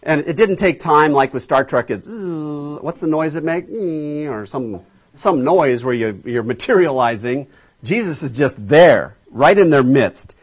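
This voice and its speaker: A man preaching a lively storytelling sermon, asking his listeners questions and acting out the voices of the people in the story. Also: on the high side, unhurried, slightly rough. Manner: acts out voices of biblical figures, asks the audience questions.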